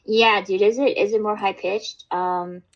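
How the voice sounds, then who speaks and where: Woman streamer, mid-pitch, loose rambling delivery full of fillers, frequent swearing, dull lo-fi audio. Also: fairly even intonation, measured pace. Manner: rambling, swears freely, many fillers and restarts. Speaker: livestream host. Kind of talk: casual livestream chat.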